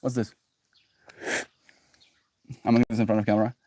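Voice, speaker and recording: A man streaming live, chatting casually in a soft, rambling, musing way. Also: fairly low pitch, level tone, fairly quick, no room sound, distant mic.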